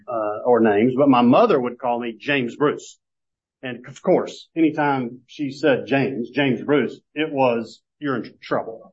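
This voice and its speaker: Guy teaching bible class, folksy storyteller, middle pitch, kinda dull lo-fi sound. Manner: folksy, self-deprecating storytelling, then a measured scripture reading. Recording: dull lo-fi recording.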